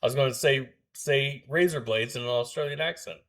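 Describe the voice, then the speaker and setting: A man's voice: mid-range voice, fairly quick. A man co-hosting a podcast, telling stories in a casual chat and laughing often. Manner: animated storyteller, laughs a lot. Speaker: podcast co-host.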